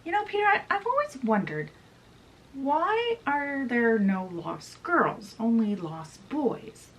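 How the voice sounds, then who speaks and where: A woman's voice: on the high side, very animated, slow, distant mic, pitched above the performer's own voice. A woman voicing a lonely, scheming young pirate captain with a fawning, falsely polite manner. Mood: ingratiating.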